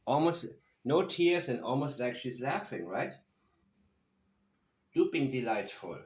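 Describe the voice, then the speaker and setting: A man giving slow, analytical commentary on true-crime video clips. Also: medium pitch, animated. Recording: roomy echo.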